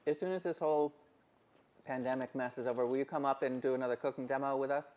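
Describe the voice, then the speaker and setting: A man's voice: mid-range voice, fairly even intonation, fast, darkish tone. Joking man on a live stream. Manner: playful, joking banter. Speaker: co-host of a live shopping stream. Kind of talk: casual live-stream chat.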